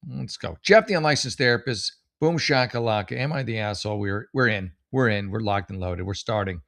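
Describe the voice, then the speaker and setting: A man's voice: lowish voice, brisk, gravelly, a bit bright. A man in his forties hosting a comedy advice show, reading posts aloud and reacting with sarcastic, rambling, exasperated commentary. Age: 40s.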